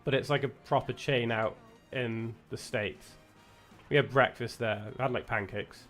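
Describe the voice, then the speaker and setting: A young British man chatting offhandedly as he streams a game, drifting between thoughts and correcting himself as he goes. His voice sits at an ordinary middle pitch. Faint game music plays under him. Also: normal speed. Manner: rambling, many fillers and restarts, self-correcting. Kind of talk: casual chat while gaming.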